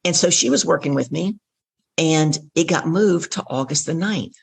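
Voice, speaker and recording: A middle-aged woman, a guest on an interview show, telling a story in a gravelly, husky voice and acting out the dialogue. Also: sits low, normal speed. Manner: vivid storyteller who acts out dialogue. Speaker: guest, professional speaker.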